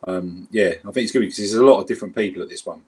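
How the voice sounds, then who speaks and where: South London bloke, husky low voice, rambling casual chat, co-host. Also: male voice, racing, darkish tone. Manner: rambling, chatty, lots of fillers.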